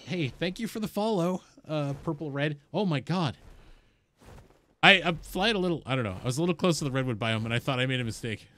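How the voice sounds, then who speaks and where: Streaming a game live while high, a man delivers brisk, excitable, rambling commentary. He swears and talks both to the creatures on screen and to his chat.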